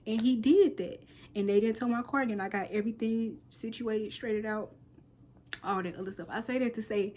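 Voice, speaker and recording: A woman's voice: a little high, normal speed, a little hiss or hum. Chatty woman in her thirties vlogging. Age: 30s. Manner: chatty and animated, with slangy asides and playful soft whispered quips. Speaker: lifestyle vlogger. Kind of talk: casual storytelling vlog.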